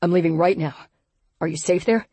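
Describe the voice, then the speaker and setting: A brisk young man with a sharp, clipped delivery, as a woman narrator puts him on, speaking low and urgently. The husky voice sits right on the mic with no room sound. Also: dry recording. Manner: curt and urgent.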